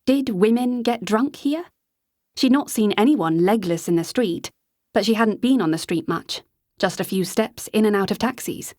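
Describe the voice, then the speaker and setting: A woman's voice: mid-range voice, normal speed, a little mellow, no room sound. Woman narrating an audiobook, dry close sound. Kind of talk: scripted narration.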